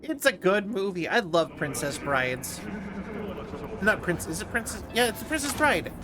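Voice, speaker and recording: A man's voice: high-pitched, big pitch swings, normal speed, noisy background. A man streaming a game, chatting casually with viewers in a rambling, jokey way. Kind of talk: casual gameplay commentary.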